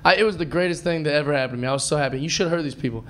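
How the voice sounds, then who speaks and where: A man performing live stand-up, telling a story in an excitable way and acting out other people's voices. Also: a little high, racing, few pauses. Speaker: stand-up comedian. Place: comedy club stage before a live audience. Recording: live club recording with crowd laughter.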